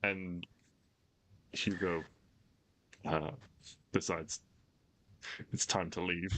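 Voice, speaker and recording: Deep-voiced man running a tabletop game. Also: little pitch movement, extremely slow, sharp tone, a little hiss or hum. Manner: easygoing, loose narration with fillers. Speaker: game master.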